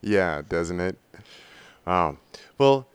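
A man in his forties with a very deep voice hosts a podcast, talking in a chatty, easygoing way. He chats informally with his guest and his listeners. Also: animated, drawn-out words, clear, resonant tone. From United States. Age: 40s. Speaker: podcast host. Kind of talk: casual podcast talk.

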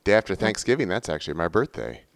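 A man's voice: low voice, sing-song, fast, gravelly. A man in his forties hosting a podcast in a chatty, easygoing way. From United States. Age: 40s. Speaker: podcast host. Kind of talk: casual podcast talk.

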